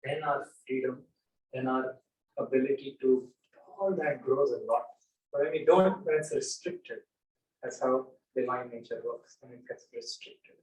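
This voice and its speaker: A man leading an informal spiritual talk with an audience, telling stories and acting out his examples with lively energy. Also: mid-range voice, measured pace. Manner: animated storyteller, acts out examples. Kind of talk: informal lecture with audience questions. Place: room with a small audience. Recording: echoey room, mic at a distance.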